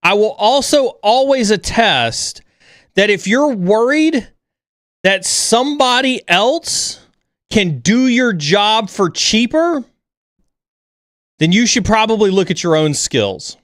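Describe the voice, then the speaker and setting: Blunt animated man on a livestream. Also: high-pitched, slow pace, dry recording, clean studio sound. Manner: blunt, animated, mocks others in an overreactive voice. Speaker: stream host. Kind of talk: livestream chat.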